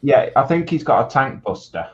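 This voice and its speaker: A man's voice: medium pitch, animated, moderate pace, darkish tone, lo-fi sound, a little hiss or hum. A man with a Yorkshire accent co-hosting a livestream, chatting casually and reading out viewer comments. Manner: banters and reads out viewer comments. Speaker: livestream co-host reading chat. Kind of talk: casual chat.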